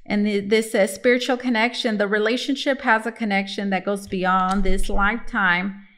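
A woman's voice: medium pitch, steady tone, moderate pace, a bit bright. Chatty woman reading tarot. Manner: chatty, many fillers and restarts. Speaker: tarot reader. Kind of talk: casual tarot reading to camera.

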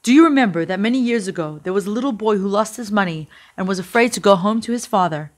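A woman doing an urgent, hushed male visitor. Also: mid-range voice, expressive, quick pace, lightly acted. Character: grateful grown man, urgent secret warner.

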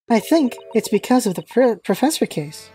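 A woman's voice: fairly high pitch, very animated, normal speed, mellow, slightly rough, soft background music. A woman chatting and joking while reading through a game. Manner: chatty, jokey, laughs at herself. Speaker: let's-play host reading game dialogue. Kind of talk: casual gameplay commentary.

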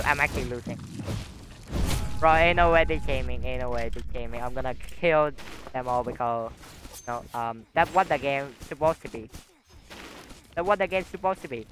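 A man's voice: mid-range voice, normal speed, long pauses, background noise. A young man giving casual gameplay commentary, rambling with lots of fillers, taunting opponents and yelping when hit. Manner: rambling, filler-heavy trash talk with sudden yelps. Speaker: gamer.

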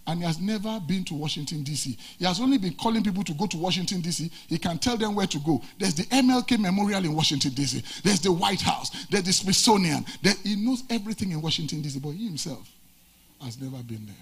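A man from Nigeria preaching a sermon in a fairly high, husky voice. He swings between loud, emphatic lines and low, quiet asides. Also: lively intonation, fast. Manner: preaching with dramatic swings of pitch and volume. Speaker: pastor.

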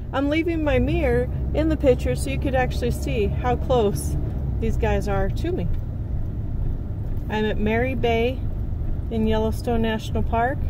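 Excited woman vlogger gushing at her camera, kinda out of breath, high voice, noisy outdoor sound. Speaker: RV travel vlogger. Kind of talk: excited travel vlog. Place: outdoors by a geyser, then inside her vehicle.

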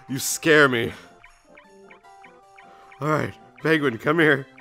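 A young man hosting a let's play, giving jokey, excitable commentary on his gameplay. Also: slow, vocal fry, pauses often, soft background music. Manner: jokey, excitable, jumps into squeaky put-on voices.

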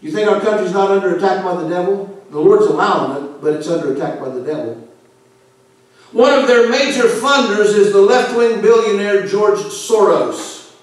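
A man who is a pastor preaching an emphatic, fiery sermon, pushing hard on some words and dropping low on others. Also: lively intonation, moderate pace. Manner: emphatic, forceful preaching with sudden drops in volume. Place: church sanctuary. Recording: echoey church hall from far off.

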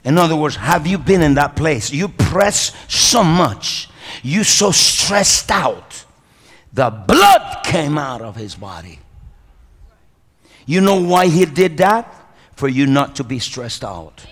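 A man's voice: on the high side, very animated, fairly bright tone, husky. Man preaching in a reverberant church hall. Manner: preaching, calls for amens and praise; non-native phrasing, pauses and restarts. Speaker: pastor. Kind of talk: sermon.

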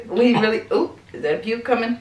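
A woman's voice: on the high side, big pitch swings, normal speed, darkish tone. A woman giving a casual vlog update as a mother, chatting to viewers and her baby at home. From United States. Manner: chatty, talks to baby between remarks. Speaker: vlogger mom. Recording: roomy, somewhat distant mic, faint ambience.

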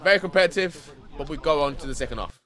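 A young man giving excitable, partisan commentary on his club's match outdoors. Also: fairly high pitch, fast talker. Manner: excitable, partisan, casual slang. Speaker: club commentator. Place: outdoors at a football pitch. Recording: loud crowd around the mic. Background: crowd noise.

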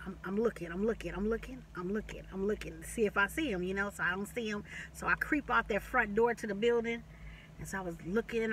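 A woman telling a long personal story in a casual, animated way, repeating phrases, swearing and laughing. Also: fairly high pitch, recorded from a distance, noisy background. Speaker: vlogger.

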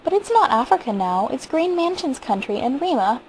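A woman's voice: high voice, big pitch swings, moderate pace, a little hiss or hum, pitched above the performer's own voice, low-quality recording. A woman reading the part of an anxious mother, speaking in an uneasy, questioning way.

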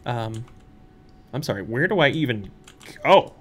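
A man's voice: mid-range voice, expressive, measured pace. A young man playing a horror game on his channel, muttering nervously to himself and breaking into squeals and laughs. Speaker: let's play streamer. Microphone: studio microphone.

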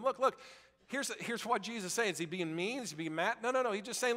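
A man's voice: high-pitched, animated, fast, bright, forceful tone, big-room sound. A male pastor preaching a sermon in an emphatic, repetitive way, leading the congregation in call-and-repeat.

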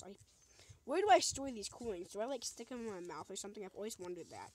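A woman's voice: medium pitch, sing-song, fast talker, darkish tone. A young woman casually commenting as she plays a video game, joking with the enemies and shrieking when things go wrong. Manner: goofy, talks to the game, shrieks when in danger. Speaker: gamer. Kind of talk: casual let's play commentary.

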